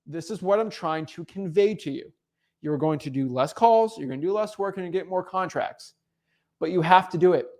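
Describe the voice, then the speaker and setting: Guy coaching on a livestream, kinda high voice, pushy and teasing, trips over his words a lot. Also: darkish tone. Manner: blunt, teasing and pushy, with frequent stumbles and repeated words. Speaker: real estate wholesaling coach hosting a livestream. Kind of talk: unscripted livestream coaching talk.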